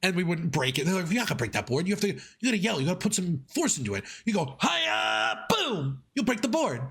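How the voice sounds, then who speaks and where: Male podcast co-host, lively slightly higher voice, playful storyteller who acts out quotes. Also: rapid-fire, slightly rough. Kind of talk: casual chat.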